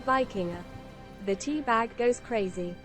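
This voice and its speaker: A woman's voice: a little high, a little slow. Synthetic woman's voice reading chat. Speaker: text-to-speech reading viewer messages. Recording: very loud game music behind.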